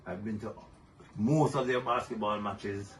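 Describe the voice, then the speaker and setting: An older man speaks in a low voice as an interview guest, his stories gentle and measured. He chuckles often. The mic sits a little off, and a faint hiss runs underneath. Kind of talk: reflective interview storytelling. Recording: somewhat distant mic with faint noise.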